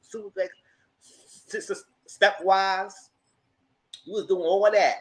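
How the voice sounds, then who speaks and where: Guy doing a live tv recap, chatty and slangy, jumps loud when he quotes people. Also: sits high, unhurried, rough recording. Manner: animated, slangy, bursts into loud mock quotes. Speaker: channel host, TV reviewer. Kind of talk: casual live TV review chat.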